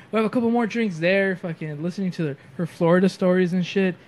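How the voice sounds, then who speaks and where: Man in his twenties, high-pitched voice, profane, animated storyteller, casual podcast chat. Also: quick pace, hardly any pauses. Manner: animated, profane, acts out quotes. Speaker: podcast guest.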